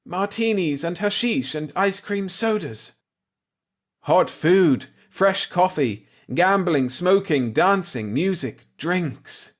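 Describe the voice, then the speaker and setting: A man reading aloud, voicing his worn-out male hero who bursts out in excited, near-shouted lists. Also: high voice, takes it slowly, voice pushed up, heavily acted. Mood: elated. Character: weary male killer, suddenly elated.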